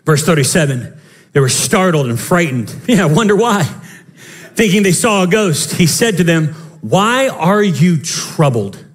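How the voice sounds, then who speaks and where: A male pastor preaching an animated Easter sermon, playful, acting out the scenes and laughing as he goes. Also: sits high, moderate pace.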